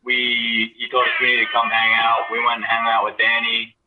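A man, the club's president, telling a story haltingly with many fillers. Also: medium pitch, completely flat delivery, heavy background noise. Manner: hesitant, filler-heavy storytelling. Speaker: moped club president. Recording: tinny phone line.

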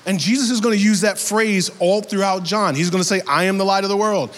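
A high-voiced male pastor preaching to his congregation in a loose, conversational style that builds to loud, emphatic peaks. His voice carries a long reverb from a large hall. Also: a little fast. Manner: casual, animated preaching, rising to emphatic. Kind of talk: sermon.

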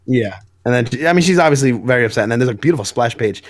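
Eager young-sounding podcast host, dry sound. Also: male voice, medium pitch, expressive, very fast, no room sound. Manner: enthusiastic, recaps scenes acting out lines. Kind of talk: casual comic book chat.

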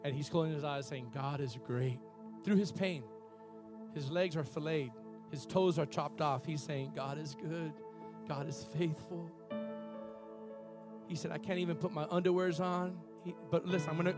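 A man preaching a sermon as pastor, building from quiet, halting passages to loud, impassioned peaks. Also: a little high, fairly even intonation, music in the background.

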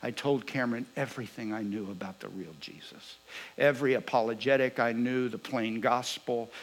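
A man preaching a sermon, telling a personal story with lively swings between loud bursts and hushed asides. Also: mid-range voice, normal speed, poor audio.

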